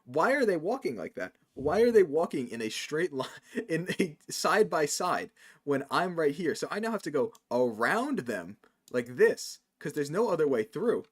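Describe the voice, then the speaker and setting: A man from New rants in casual stream chat, saying "like" constantly. His voice sits a little high and moves in a lively way. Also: moderate pace, breathy edge. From New York. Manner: animated ranting, says "like" a lot, laughs often.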